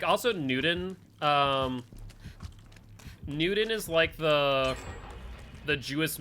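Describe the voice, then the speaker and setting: Bright-voiced chatty male streamer. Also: fairly high pitch, slight background noise. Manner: chatty, filler-heavy, talks to chat and friends. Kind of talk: casual live-stream chat while gaming.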